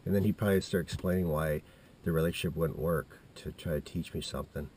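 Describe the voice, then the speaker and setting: A man's voice: rumbling low, quick pace, a little mellow, a little hiss or hum. A man in his fifties telling a personal story in a casual, meandering way, full of restarts and asides. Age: 50s.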